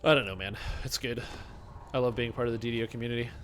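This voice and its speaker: A man's voice: mid-range voice, fairly even intonation, fast, fairly bright tone, slight background noise. A man from Canada streaming a game and chatting casually, sarcastic and rambling as he answers chat. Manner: sarcastic, rambling, mocking quoted voices.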